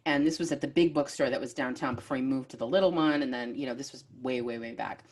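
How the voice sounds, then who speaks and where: A low-pitched woman from Maine hosts a casual chat, rambling through anecdotes with frequent "um" and "you know." Her delivery is animated and loose, full of restarts. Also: fast talker. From Maine, USA. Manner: animated storyteller, many fillers and restarts. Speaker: podcast host.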